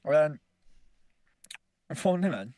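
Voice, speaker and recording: A man's voice: a little high, animated, slow, dark tone, dry recording. A man telling a rambling story on a casual podcast, swearing freely and laughing as he goes. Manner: rambling, swears constantly, laughs through stories. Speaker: podcast co-host.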